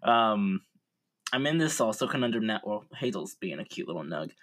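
A relaxed man co-hosting a podcast who muses out loud and laughs easily. His voice sits a little low, and he keeps an easygoing, conversational tone. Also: moderate pace. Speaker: podcast co-host. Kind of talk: casual chat.

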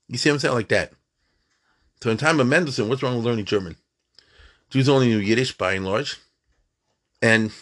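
A man's voice: mid-range voice, brisk, pauses often, a bit bright. A man giving an informal lecture on Jewish thought, asking rhetorical questions and often checking that listeners follow. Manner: conversational, rhetorical questions, frequent checks like "you see what I'm saying?".

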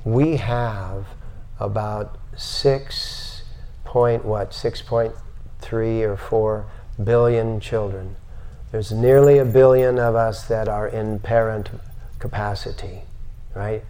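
A man's voice: lowish voice, steady tone, slow pace, warm tone. A man giving a spiritual lecture to a live audience, asking many rhetorical questions.

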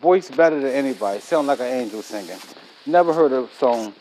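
A man's voice: medium pitch, lively intonation, fairly quick, darkish tone, slight background noise, rough recording. A man hosting his own podcast in a casual, slangy and boastful monologue, recording while he works. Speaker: podcast host.

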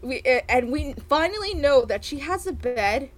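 A woman with a bright, high voice co-hosts a casual podcast chat. She rants in an animated way, swears freely and breaks into laughter. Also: normal speed. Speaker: podcast co-host.

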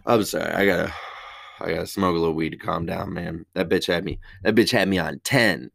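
A man's voice: low voice, brisk, vocal fry, noisy background. A man on a casual, rambling rant, heated and swearing heavily.

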